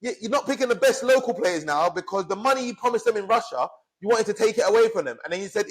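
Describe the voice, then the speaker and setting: A man tears through an angry rant at a rapid clip. His voice sits notably high, and he curses freely and keeps pushing his point as a podcast co-host. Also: lively intonation, breathy edge. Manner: angry, swearing, fired up. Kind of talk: heated casual rant.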